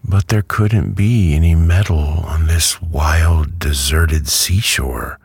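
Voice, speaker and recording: A man voicing an earnest, insistent little country girl in a storybook reading, his husky voice lifted higher. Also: takes it slowly, a little mellow, no echo, studio quality, full character voice.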